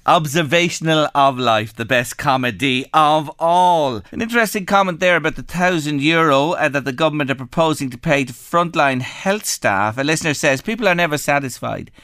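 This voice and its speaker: Male presenter: bright, smooth, dry studio mic, chatty. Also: on the high side, normal speed, hardly any pauses, dry recording. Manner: chatty, enthusiastic. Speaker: radio presenter. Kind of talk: radio show presenting.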